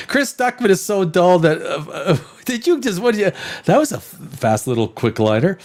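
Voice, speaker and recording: A man's voice: high voice, sing-song, normal speed, darkish tone. A man hosting a live stream in casual chat, rambling and profane, with many restarts. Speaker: live show host.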